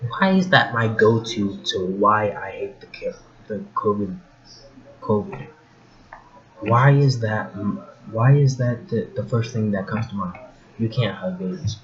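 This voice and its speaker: A man's voice: lowish voice, a little slow. A man giving a rambling casual rant to camera, often restarting his sentences and getting heated and incredulous. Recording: dull lo-fi with faint hiss.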